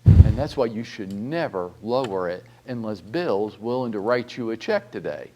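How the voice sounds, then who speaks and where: A middle-aged man, a real estate broker, giving a blunt, animated training talk full of rhetorical questions and mild swearing. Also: lowish voice, normal speed, heavy background noise.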